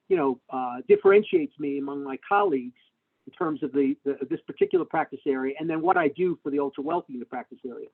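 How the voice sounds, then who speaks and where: A middle-aged man telling stories in an interview, animated and full of fillers and restarts, speaking over a video call. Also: on the high side, vocal fry. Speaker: tax lawyer, interview guest. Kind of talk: conversational interview answers. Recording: tinny phone-like webinar audio.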